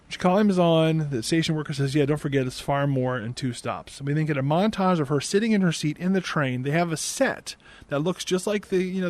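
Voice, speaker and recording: Into a desk mic mounted on a boom arm, a young man recaps a movie in a sarcastic, exasperated comedic rant, swearing every so often.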